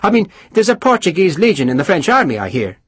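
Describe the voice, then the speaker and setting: A male audiobook narrator voicing a worldly, wry army engineer captain who explains things patiently with a husky voice. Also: high-pitched, big pitch swings, fast, fairly bright tone, dry recording, voice pushed up, full character voice. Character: witty, worldly Irish engineer captain, middle-aged. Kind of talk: audiobook character voice.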